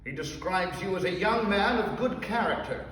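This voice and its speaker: Brief: a man as a grand, vain American dad with a rich, booming voice, recorded distant in a reverberant hall. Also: expressive, a bit bright. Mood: grandly boastful. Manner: theatrical, self-important, slow and grand. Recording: echoey hall, voice heard from afar.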